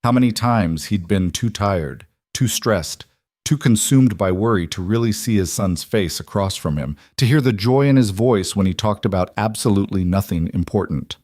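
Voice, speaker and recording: A man narrating a scripted story in a steady storytelling manner. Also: fairly low pitch, moderate pace, no room sound, studio quality.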